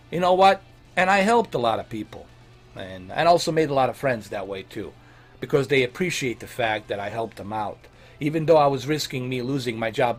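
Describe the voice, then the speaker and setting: Blunt, animated man ranting casually. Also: mid-range voice. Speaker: host answering viewer questions. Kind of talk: casual Q&A on tech and games.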